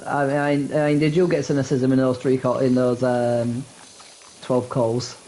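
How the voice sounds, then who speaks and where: A man's voice: mid-range voice, level tone, moderate pace, mellow, a little hiss or hum, poor audio. A man chatting casually during a game, joking with dry sarcasm. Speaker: co-host guest. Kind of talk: casual chat while playing a game.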